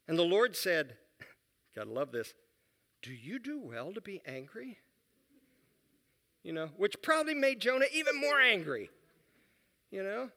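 Bright-voiced man teaching a Bible lesson. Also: high voice. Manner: conversational, repeats key phrases, quizzes audience. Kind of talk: sermon-style Bible lesson.

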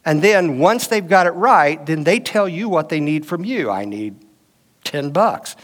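A man's voice: high voice, normal speed, a bit bright. A middle-aged man teaching a marriage class in a casual, conversational way, telling stories from home. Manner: conversational, uses personal anecdotes and quoted dialogue. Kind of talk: teaching session with audience questions.

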